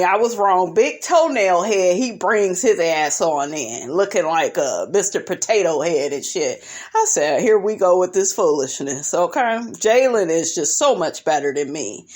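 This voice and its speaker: A woman giving a blunt, brash and profane commentary on a reality TV episode, often breaking into laughter. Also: mid-range voice. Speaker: reality show recap vlogger.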